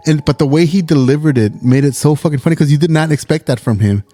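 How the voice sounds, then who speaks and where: Mellow-voiced man telling loose stories. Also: fairly high pitch, fast, few pauses, soft background music. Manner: loose, profane storytelling. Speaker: podcast co-host. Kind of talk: casual chat.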